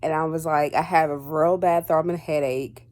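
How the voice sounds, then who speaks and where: A woman with a low voice tells a personal story to the camera in a loose, chatty vlog. She leans on "like" and "um" and slips into quoted back-and-forth as she goes. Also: steady tone, normal speed, a little mellow. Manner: rambling, heavy on fillers like "like" and "um"; acts out dialogue in quotes. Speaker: vlogger.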